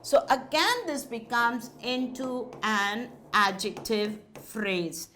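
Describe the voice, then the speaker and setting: A woman with an Indian English accent teaching a grammar lesson to children in a slow, sing-song teacherly way. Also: a little high, animated, a bit bright, slight background noise.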